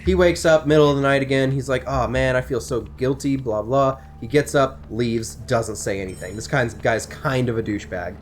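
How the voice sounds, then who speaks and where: A man's voice: medium pitch, normal speed, few pauses, slight background noise. A young man in casual chat, animatedly retelling a story with asides and swearing while gaming. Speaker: co-host.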